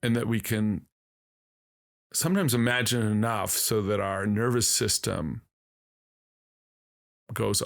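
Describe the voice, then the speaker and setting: A man telling a long, animated story as a podcast guest in casual conversation. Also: on the low side, creaky. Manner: slow, drawn-out, animated storytelling.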